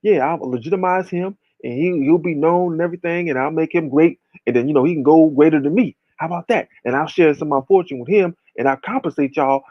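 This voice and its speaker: A man voicing a scheming female talk show host who makes a deal with quick promises. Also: fairly high pitch, no room sound, dull audio, close to an everyday voice. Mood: placating.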